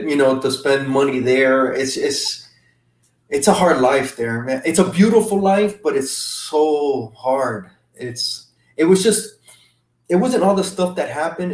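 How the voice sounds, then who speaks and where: A man as a guest, recounting an emotional trip in halting casual talk with many restarts. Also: medium pitch. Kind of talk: casual storytelling. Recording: roomy sound from a distant mic.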